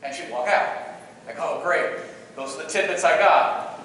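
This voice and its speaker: Keynote speaker, man, middle-aged, high-pitched, playful joker, distant mic in a reverberant hall. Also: normal speed, slight background noise. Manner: animated, playful, joking with the audience. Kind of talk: storytelling conference presentation. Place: large conference hall. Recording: echoey hall, picked up from afar.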